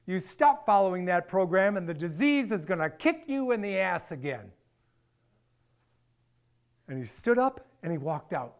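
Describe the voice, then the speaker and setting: A middle-aged man giving a personal storytelling talk, animated and acting out the dialogue. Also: high-pitched, moderate pace, creaky, pauses often. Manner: animated, acts out dialogue, repeats phrases for effect. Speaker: speaker and author.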